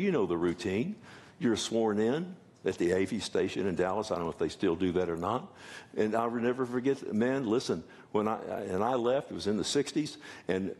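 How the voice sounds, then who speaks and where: A man's voice: mid-range voice, darkish tone. Older preacher guy, folksy sermon, cracks jokes, asks the crowd lots of questions. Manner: folksy, joking asides, many rhetorical questions. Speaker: pastor.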